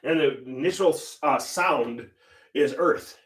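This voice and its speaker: An older man with a fairly high voice hosts a painting livestream, chatting casually, telling stories, and laughing often at a slow pace. The distant mic gives the recording a roomy echo.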